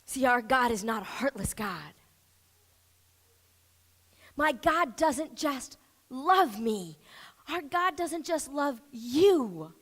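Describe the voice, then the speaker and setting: A woman pastor delivering an emphatic sermon, rising to loud declarations and dropping to soft, near-whispered prayer. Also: high voice, very animated, takes it slowly, pauses often.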